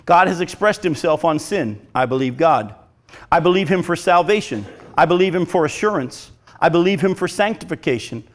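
A man's voice: a little high, lively intonation, moderate pace. Earnest, emphatic male preacher. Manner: earnest, emphatic, reads devotional text aloud. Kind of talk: sermon.

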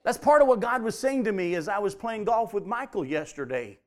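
A man delivers a sermon to his congregation in a voice that sits a little high for a man. He builds to loud, emphatic peaks and then drops to quiet, intimate near-whispers. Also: animated, a little fast. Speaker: pastor.

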